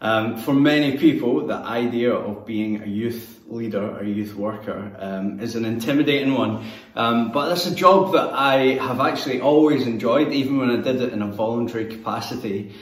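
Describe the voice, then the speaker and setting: A Scottish man in his thirties gives a sermon in a roomy church hall, caught by a mic set some way off. His voice sits at an ordinary pitch. He talks in a relaxed, conversational, self-deprecating way. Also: moderate pace. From Scotland. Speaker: church youth leader. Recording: echoey room, mic at a distance.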